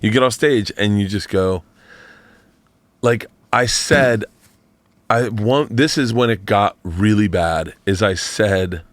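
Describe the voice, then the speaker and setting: A man's voice: lowish voice, slow, dry recording. A man telling a rambling comedy story as a podcast guest, acting out the other people's voices. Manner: animated, rambling, acts out voices in anecdotes.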